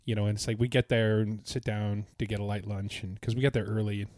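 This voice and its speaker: A man co-hosting a casual podcast, telling rambling travel stories with frequent laughs and throat-clearing. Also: fairly low pitch, flat delivery, quick pace, a little mellow, no room sound, studio quality. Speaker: podcast co-host. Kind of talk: casual chat.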